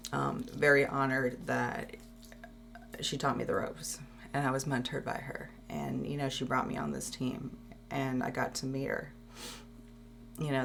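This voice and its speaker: A woman hosting a tribute show, talking haltingly with many fillers and restarts while holding back tears. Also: extremely low pitch, creaky, slight background noise. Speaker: show host. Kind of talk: emotional tribute talk.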